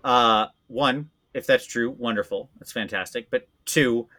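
A man talks through a casual podcast chat, rambling and poking fun at himself. His voice is bright and ringing, set at an ordinary middle pitch. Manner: rambling, self-deprecating, quick to laugh. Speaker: guest voice actor.

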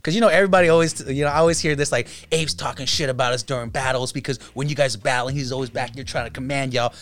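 A man chatting casually about dance, his voice sitting at an ordinary middle pitch. He tells stories in a relaxed, easygoing way and laughs often as he goes. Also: very fast. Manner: laid-back storytelling, imitates friends' voices, laughs often. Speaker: breakdancer. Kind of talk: casual chat.

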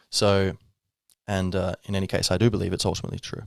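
A man's voice: deep voice, level tone, fast, creaky, no echo, clean studio sound. A man hosting a podcast, musing in a casual, rambling way with wry asides. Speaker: podcast host. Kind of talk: reflective spiritual monologue.

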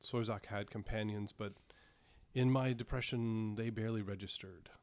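A man's voice: fairly low pitch, steady tone, moderate pace, a little mellow, no room sound, natural voice. A man doing an imperious giant king. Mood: gracious. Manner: grand, formal, commanding speech. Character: imperious male giant monarch, once depressed. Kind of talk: tabletop role-play.

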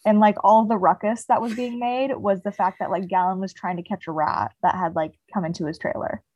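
A woman's voice: mid-range voice, steady tone, brisk, darkish tone, dry recording, highs cut off. Chatty young woman, dry close sound. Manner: rambling retelling, heavy "like" fillers. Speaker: podcast co-host. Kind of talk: casual book chat.

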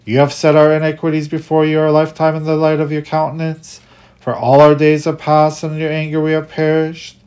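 A reader reciting liturgical prayers and psalms in a steady cadence, with occasional stumbles and restarts. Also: medium pitch, fairly quick.

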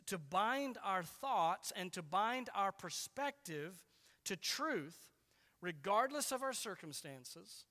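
A man with a high, bright voice preaches a sermon in a church hall where the sound rings with long reverb. He speaks earnestly and deliberately and slows down to lean on key words.

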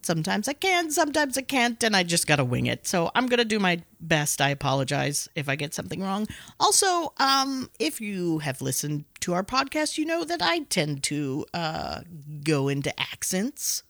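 A woman's voice: lowish voice, normal speed, no room sound, clean studio sound. A woman hosting a podcast, recapping a horror film in a casual, jokey way with frequent laughs. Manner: animated, laughs often, jokey asides. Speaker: podcast host.

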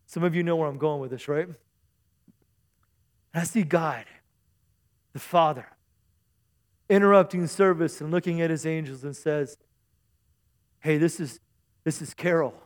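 A man's voice: on the high side, moderate pace, long pauses. A man preaching a sermon to his congregation in a church service, chatty and joking, often asking the crowd for an "amen". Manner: chatty, jokey preaching with call-and-response asides. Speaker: pastor.

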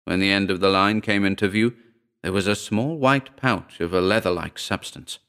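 A man narrating a short story in a steady, measured reading. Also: sits low, clean tone.

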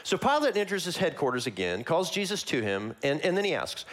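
A man preaching a sermon, walking through a Bible passage verse by verse in a conversational, animated way that acts out the characters. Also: on the high side, a little fast.

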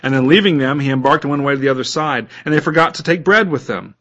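A man's voice: a little high, quick pace, a bit bright, dull audio. A man preaching a sermon as a pastor, reading scripture aloud and putting questions to his listeners.

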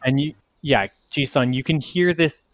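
A man's voice: a little high, moderate pace, dry recording. A man narrating as game master, loose and chatty with frequent fillers.

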